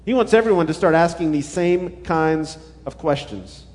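A man's voice: a little high, animated, normal speed, darkish tone, long reverb tail. A male pastor preaching a sermon, retelling scripture in a conversational way. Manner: paraphrases scripture in conversational voices.

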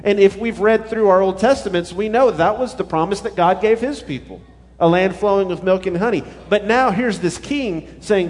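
A man's voice: high voice, moderate pace, darkish tone, long reverb tail. A male pastor preaching a sermon, retelling scripture in a conversational way. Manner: paraphrases scripture in conversational voices.

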